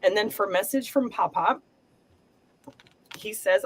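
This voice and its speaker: A woman's voice: medium pitch, measured pace, a little hiss or hum. A middle-aged woman giving an earnest, emotional psychic reading, reassuring and encouraging. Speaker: psychic reader. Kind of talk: live group reading.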